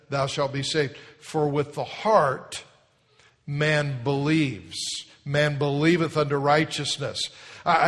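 A man's voice: fairly high pitch, a bit bright, big-room sound. A man preaching a sermon as pastor of a church, speaking emphatically and leading the congregation to repeat phrases after him. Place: church sanctuary.

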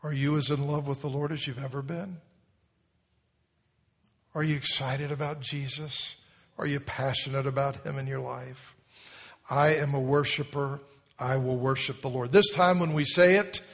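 A man preaching a sermon, telling a folksy story and building to loud exhortation. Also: fairly high pitch, steady tone, normal speed. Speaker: pastor. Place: large church hall. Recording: long hall reverb.

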